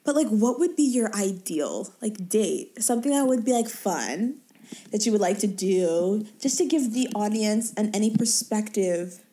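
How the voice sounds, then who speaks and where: A woman's voice: medium pitch, lively intonation, moderate pace, warm tone. A young woman co-hosting a podcast, telling a story in casual chat with lots of laughing. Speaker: podcast co-host.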